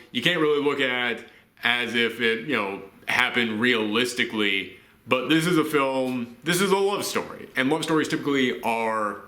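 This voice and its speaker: A man giving a casual spoken film review, chatty and full of "uh" fillers. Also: medium pitch. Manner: chatty, frequent "uh" fillers, lively asides. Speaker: movie reviewer. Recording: echoey room.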